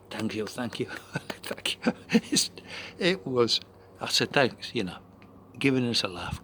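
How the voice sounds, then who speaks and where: A man tells a meandering everyday story, dotted with asides and sometimes sinking into a hushed whisper. His voice sits somewhat low, and a faint background hiss runs underneath. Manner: rambling, chatty, full of "you know" asides, drops into soft whispers. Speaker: vlogger. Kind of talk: casual anecdote telling.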